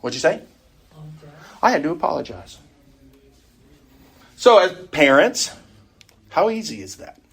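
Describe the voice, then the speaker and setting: A man's voice: on the high side, sing-song, measured pace, long pauses, a bit bright, husky. A middle-aged man teaching an adult Sunday school class in a conversational way, often putting questions to the group.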